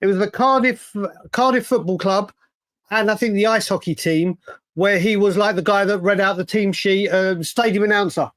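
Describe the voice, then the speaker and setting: A man's voice: high voice, moderate pace, a bit bright, no echo. A man co-hosting a fan livestream, chatting casually and repeating himself as he recalls details. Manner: rambling, repeats words while recalling details. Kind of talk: casual chat.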